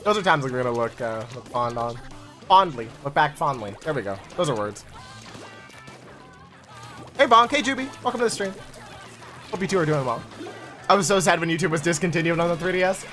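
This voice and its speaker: A young man chatting casually to his viewers while playing a game, animated and chatty. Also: a little high, brisk, long pauses, soft background music. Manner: animated, chatty, talks to chat. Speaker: game streamer. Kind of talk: casual live-stream chat while gaming.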